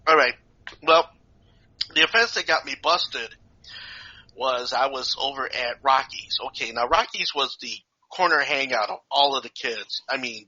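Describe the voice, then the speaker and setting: A man's voice: mid-range voice, pushed and bright. A man co-hosting a podcast, telling a folksy story in a casual chat and checking in with the listener with "okay" and "you know". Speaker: podcast co-host. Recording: dull lo-fi podcast recording.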